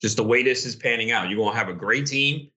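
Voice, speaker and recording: A man in casual podcast chat, commenting in a laid-back, agreeable way on a rough fantasy football week. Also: medium pitch, fast, bright, forceful tone. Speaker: podcast co-host.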